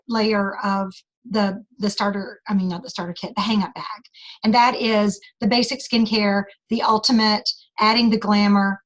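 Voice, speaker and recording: A woman with a mid-pitched voice gives a practical sales training. She walks her listeners through each step of her script, and she sounds steady and matter-of-fact. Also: poor audio.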